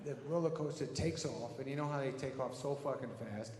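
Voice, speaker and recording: A man's voice: medium pitch, a little fast, a little mellow. A man telling a profane, rambling story on a theater stage as a stand-up comedian. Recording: echoey hall with audience noise.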